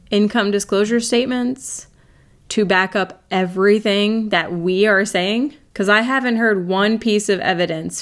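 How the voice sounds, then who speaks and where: A woman talking over a clip in a casual commentary style. Her remarks come out dry and sarcastic. Her pitch sits in a middle range. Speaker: anti-MLM commentator.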